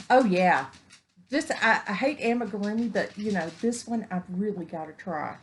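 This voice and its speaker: A woman's voice: medium pitch, lively intonation, moderate pace. A woman, chatting casually while unboxing crafts at home, gushing and exclaiming over each find. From Texas. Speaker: vlogger. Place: home indoors, evening.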